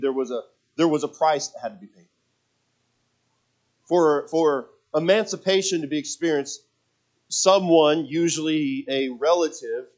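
Guy preaching a sermon, kinda high voice, gets loud then goes quiet telling a story. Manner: swings from quiet storytelling to raised, emphatic preaching; reads scripture in King James wording. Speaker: pastor.

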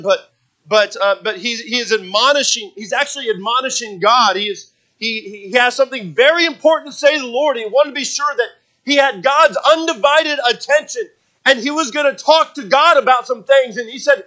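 A man preaching a sermon with a high, bright voice. He talks to the congregation in a relaxed, conversational way. He often repeats words as he goes and acts out little stories. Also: normal speed, poor audio. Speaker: pastor.

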